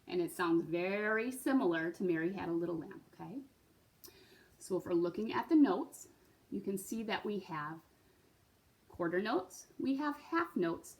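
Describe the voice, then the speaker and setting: Slow, patient woman teaching recorder. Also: lowish voice. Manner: patient, encouraging, checks in with "right?" and "okay?". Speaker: music teacher. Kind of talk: beginner recorder lesson.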